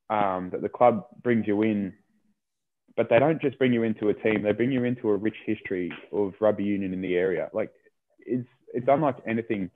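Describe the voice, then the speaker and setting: Australian man on a tinny line. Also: fairly low pitch. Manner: rambling, repeats words, says "mate" often. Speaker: rugby player guest. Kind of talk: casual interview chat. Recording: tinny phone-line sound.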